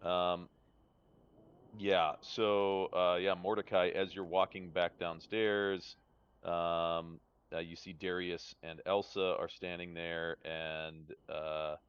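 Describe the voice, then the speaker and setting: A man's voice: low voice, little pitch movement, slow, clean tone. A man narrating as game master of a tabletop game, hesitant, with many fillers and restarts. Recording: dull lo-fi stream audio.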